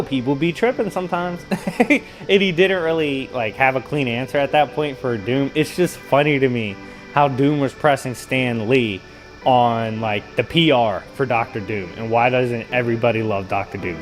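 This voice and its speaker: A man hosting a casual reaction video, telling comic-book stories in animated, slangy talk and laughing at his own anecdotes. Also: medium pitch, normal speed, faint music behind, poor audio. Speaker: host.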